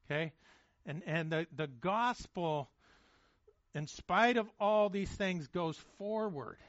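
A man's voice: sits high, expressive, slow, a bit bright, dry recording, lo-fi sound. A man preaching a sermon in a casual, conversational way, often repeating words as he restarts and checking in with "okay?" and "right?". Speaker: pastor.

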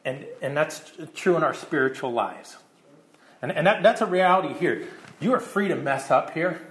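A man's voice: fairly high pitch, animated, moderate pace, a bit bright. Middle-aged male pastor, casual storyteller with frequent restarts, echoey room. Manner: casual storytelling, many repeated words and restarts. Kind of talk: sermon with personal story.

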